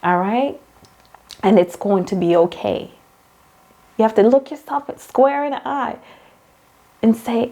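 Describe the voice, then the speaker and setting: A woman's voice: a little high, animated, unhurried, gravelly, pauses often, mellow. A woman host giving a motivational faith talk, speaking straight to the listener like a coach, repeating key phrases and calling her girl and hon.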